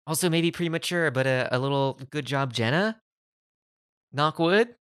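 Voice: mid-range voice, normal speed, clean tone, no echo. A podcast host in casual chat, nitpicking and pedantic about details, on a close mic.

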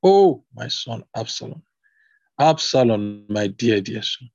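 A man reading the lines of an old king, both lamenting his son and giving orders, in a husky voice. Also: mid-range voice, fairly even intonation, normal speed, dark tone, no echo, highs cut off, lightly acted. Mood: grieving.

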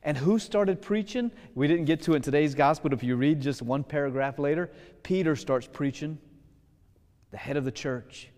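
A male Catholic priest giving a sermon in a lively, casual way, slowing down to stress key points. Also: fairly high pitch. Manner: lively, casual preaching that slows for emphasis. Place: church. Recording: long church reverb.

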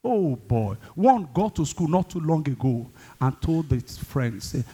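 High, animated preacher. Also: male voice, a little slow, hardly any pauses, husky. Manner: exhorting, calls the congregation to respond; swings between loud high bursts and low asides. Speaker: pastor. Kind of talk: sermon.

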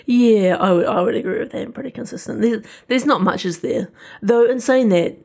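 Easygoing Kiwi man with a gravelly voice. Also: high voice, moderate pace, darkish tone. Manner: easygoing, hesitant, restarts phrases. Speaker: podcast co-host. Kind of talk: casual chat.

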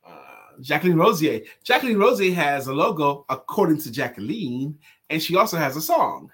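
A man's voice: a little high, normal speed, breathy edge. A man hosting a morning show, chatting casually, laughing and teasing his guests. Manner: lively, laughs often, ribs his guests. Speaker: show host.

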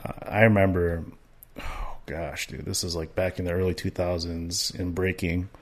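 A man co-hosting a podcast, chatting in a relaxed, slightly hesitant way with fillers. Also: low-pitched, normal speed. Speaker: podcast co-host. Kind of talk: casual chat.

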